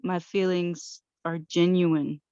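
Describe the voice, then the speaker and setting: A woman speaking slowly and earnestly in a casual group video call. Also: lowish voice, little pitch movement, mellow, clear, resonant tone, no room sound, dull audio.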